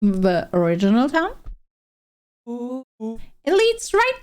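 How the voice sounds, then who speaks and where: Brief: jittery young storybook kids, put on by a woman reading game lines, high and lively, unhurried, over game music. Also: exaggerated voice. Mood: nervous. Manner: voicing characters in a read-aloud game playthrough. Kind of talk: game dialogue read aloud.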